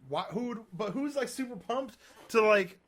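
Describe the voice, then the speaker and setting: A man co-hosting a casual podcast chat, rambling and getting excited as he tells stories. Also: very high voice, normal speed. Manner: rambling, excitable, does mocking voices. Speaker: podcast co-host.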